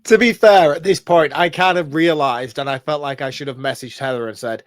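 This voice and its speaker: A man's voice: a little high, fairly quick, no echo. Laughing man, dry-sounding podcast co-host. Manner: laughing, self-deprecating, teasing. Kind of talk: casual podcast banter.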